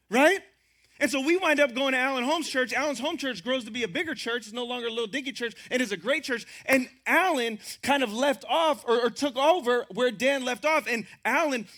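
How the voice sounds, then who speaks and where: Bright high-voiced man preaching. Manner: storytelling, acts out quoted voices, laughs often; drops to a hushed low voice for scripture. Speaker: pastor. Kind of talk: sermon.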